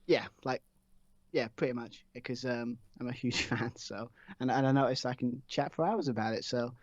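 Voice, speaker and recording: A man's voice: medium pitch, moderate pace, no room sound. Rambling young man, dry and dull. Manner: rambling, lots of fillers and restarts. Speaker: podcast guest. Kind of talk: casual chat.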